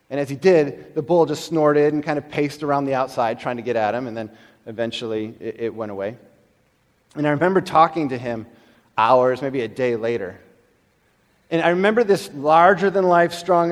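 A middle-aged man preaching a sermon, telling stories with animated emphasis that drops to quiet, slowed lines. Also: mid-range voice, in a large hall. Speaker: pastor.

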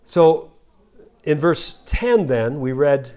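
A man's voice: medium pitch, unhurried. Older male preacher teaching scripture. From United States. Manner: earnest, rhetorical questions, swings between loud scripture reading and quiet asides. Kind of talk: sermon Bible teaching.

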